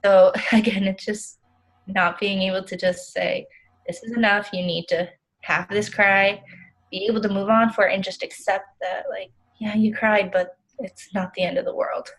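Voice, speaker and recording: A woman's voice: mid-range voice, level tone, normal speed, a bit bright, rough recording. A young woman playing an overwhelmed, self-critical counseling client, rambling with many "like" fillers in a role-play. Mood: weary, frustrated.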